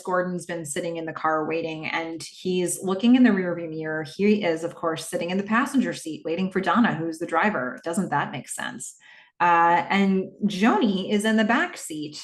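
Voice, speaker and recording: A woman's voice: on the low side, roomy sound. Chatty woman recapping a TV episode. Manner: chatty, animated retelling with many fillers. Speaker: podcast host. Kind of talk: casual TV rewatch recap.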